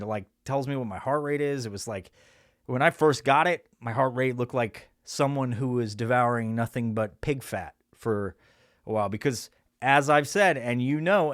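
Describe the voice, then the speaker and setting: A man's voice: medium pitch, a bit bright, no echo, studio quality. A man hosting a podcast, rambling through a crude, sarcastic comedic monologue full of restarts. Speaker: podcast host.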